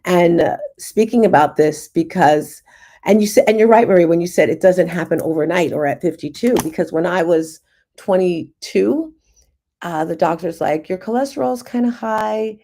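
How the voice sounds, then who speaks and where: A woman in her fifties hosting a casual livestream, telling personal stories in a chatty, animated way. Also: fairly low pitch, moderate pace. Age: 50s. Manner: chatty, animated storytelling with laughs. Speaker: livestream host, confidence coach. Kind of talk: casual group livestream talk.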